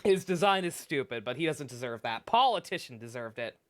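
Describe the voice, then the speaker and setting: A woman's voice: rumbling low, expressive, brisk, a little hiss or hum. A young woman streaming a game, chatting casually, swearing and laughing often. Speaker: let's play streamer. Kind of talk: game commentary.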